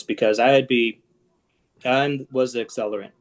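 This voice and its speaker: A man's voice: medium pitch, moderate pace. A middle-aged man, a guest on an interview podcast, talking candidly and with self-deprecating humor about his past. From Seattle area. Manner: frank and self-deprecating, with lively asides.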